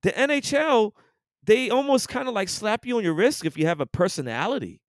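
A man's voice: sits high, expressive, fairly quick, no echo, studio quality. A man co-hosting a podcast, ranting in casual, profane sports chat. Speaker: podcast co-host.

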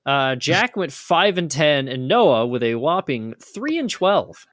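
A man's voice: fairly high pitch, big pitch swings, takes it slowly, a bit bright, slight background noise. A young man hosting a casual sports podcast, joking around and laughing often. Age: young adult. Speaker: podcast host. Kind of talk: casual chat.

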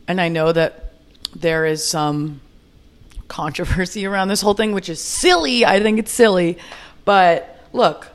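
A young woman hosting her own podcast alone, chatting in an upbeat, rambling way with fillers and restarts. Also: low voice. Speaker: podcast host. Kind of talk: solo podcast chat.

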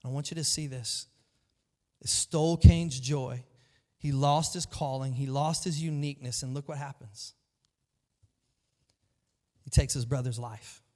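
A man preaching a sermon to his church, lively and emphatic, often acting out the voices of the people in his story. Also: a little high, slow pace, long pauses. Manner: animated preaching, acts out quoted voices. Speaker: pastor. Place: large church hall. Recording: long hall reverb.

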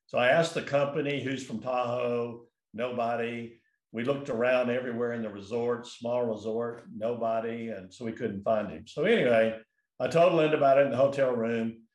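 A man's voice: medium pitch, moderate pace, reverberant. A man telling a long personal story in a casual, rambling way, full of restarts and fillers. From California. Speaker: guest.

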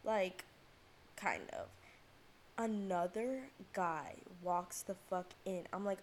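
A woman's voice: fairly high pitch, lively intonation, a little fast, slight background noise. A teenage girl hosting a podcast, telling a rambling story with lots of fillers and swearing. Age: teens. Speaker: podcast host. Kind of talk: casual storytelling monologue.

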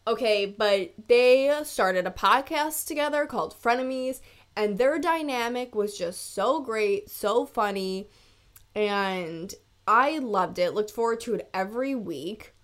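A woman's voice: a little high, lively intonation, unhurried. A woman in her twenties hosting a casual solo podcast from her room, rambling and laughing, with "like" in almost every sentence. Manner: chatty, rambling, laughs a lot, says "like" constantly. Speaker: podcast host. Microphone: camera mic on her desk.

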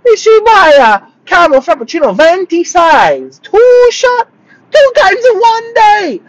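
A chatty rideshare driver with a thick Vietnamese accent grumbles about his wife's spending. The voice soars shrill and whiny and is wildly exaggerated. The recording sounds slightly dull and muffled. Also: wildly swooping pitch, measured pace, heavily acted. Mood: mock complaining.

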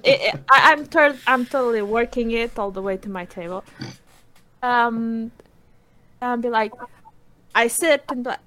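A woman playing a tabletop game, playful and halting as she describes her moves. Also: fairly high pitch, fairly bright tone. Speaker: player. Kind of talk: tabletop role-play.

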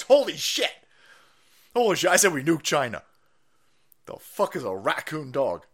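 A man's voice: on the high side, moderate pace, pauses often. A man hosting a stream, ranting with profane, mocking sarcasm. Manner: foul-mouthed, mocking, sarcastic, animated. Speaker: streamer host.

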